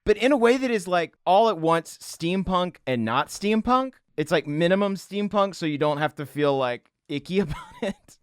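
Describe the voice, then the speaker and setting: A man chatting casually while drawing on a show he is a regular on, giggling often and breaking into silly high voices. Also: expressive, moderate pace, clear, resonant tone, dry recording, clean studio sound.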